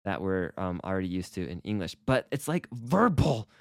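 A man's voice: low-pitched, very animated, normal speed, no echo, clean studio sound. A man co-hosting a casual Japanese lesson podcast, explaining in a playful, upbeat way. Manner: upbeat, playful explaining with acted example phrases. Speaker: co-host teaching Japanese.

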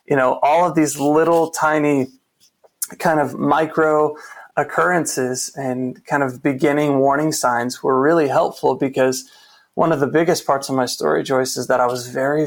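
Gravelly man telling his story earnestly. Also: medium pitch. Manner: earnest, reflective, with frequent restarts and quoted dialogue. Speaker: interview guest. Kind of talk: personal storytelling in a conversation.

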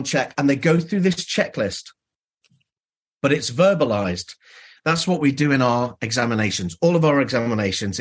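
A dentist being interviewed on a podcast, telling stories in an animated way and acting out dialogue. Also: male voice, mid-range voice, slightly rough.

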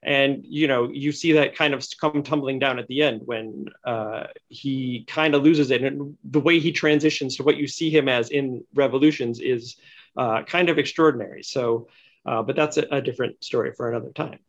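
A man's voice: medium pitch, steady tone, normal speed. A man talking in a casual podcast discussion, explaining his ideas at length with fillers. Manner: thoughtful, long-winded explaining with fillers. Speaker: podcast guest. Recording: lo-fi muffled sound.

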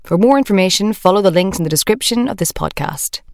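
A woman's voice: mid-range voice, animated, fast, dry recording, clean studio sound. A woman reading the scripted intro and sponsor notes of a podcast. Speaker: podcast presenter.

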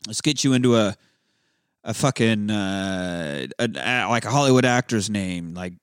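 A man's voice: lowish voice, a little slow, clear, resonant tone, dry recording, clean studio sound. A man chatting casually about a film, retelling scenes in a rambling, laid-back way, swearing freely and acting out lines. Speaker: podcast co-host. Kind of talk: casual movie recap chat.

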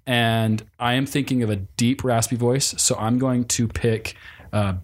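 A man's voice: medium pitch, fairly even intonation, a little slow. A man in a casual group chat, joking and stumbling as he searches for names, with many fillers.

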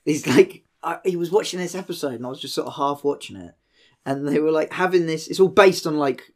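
A young man with a fairly high voice, rambling through a story on a podcast. He acts out its scenes with sudden shouted voices, loose and casual. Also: brisk. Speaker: podcast co-host.

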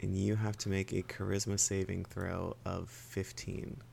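A man's voice: sits low, level tone, a little slow, creaky, darkish tone, slight background noise. A man playing a tabletop game, casting spells and teasing the others. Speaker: player. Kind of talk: casual tabletop game chat.

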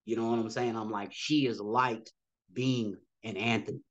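A man's voice: on the low side, steady tone, moderate pace. Guy on a podcast rambling through a story, acting out what folks said, lots of "you know", kinda muffled lo-fi audio. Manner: rambling, acts out quoted dialogue, frequent "you know" asides. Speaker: podcast guest, shaman. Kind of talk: casual personal storytelling.

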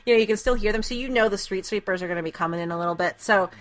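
A woman's voice: medium pitch, rapid-fire. A woman co-hosting a podcast, telling a story in casual chat, laughing often and filling with "like". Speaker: podcast co-host.

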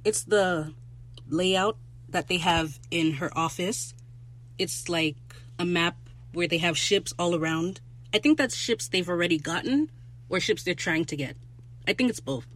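A young woman hosting a casual solo podcast, gushing and excitable as she recaps a TV episode and quotes characters in quick asides. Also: on the low side.

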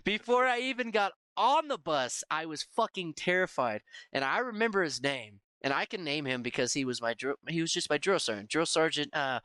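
A man's voice: a little high, lively intonation, normal speed, few pauses, bright, forceful tone, clear, resonant tone, dry recording. Young man, podcast co-host, laid-back profane storyteller, dry close sound. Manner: profane, laughs often. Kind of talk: casual storytelling chat.

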